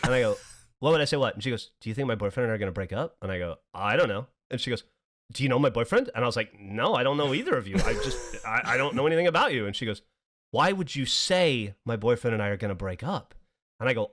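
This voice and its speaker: A man's voice: mid-range voice, expressive, quick pace, a bit bright. A man hosting a podcast, telling a rambling story with frequent laughs and swearing. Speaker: podcast host. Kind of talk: casual podcast chat.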